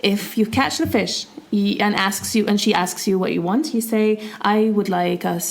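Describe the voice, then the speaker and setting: A woman's voice: mid-range voice, moderate pace, gravelly, close to an everyday voice. A woman voicing a greedy, demanding fisherman's wife while retelling a children's story in a podcast chat. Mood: indignant.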